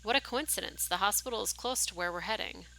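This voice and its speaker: A woman's voice: medium pitch, quick pace, gravelly, sharp tone, rough recording. A woman voicing a pushy, teasing teenage boy friend, reading game dialogue aloud on a stream.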